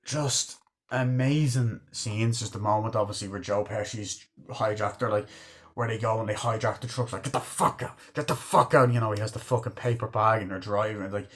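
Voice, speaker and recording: A man's voice: fairly low pitch, steady tone, brisk. A man in his twenties casually reviewing a movie with rambling, profane enthusiasm. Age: 20s. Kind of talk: casual chat.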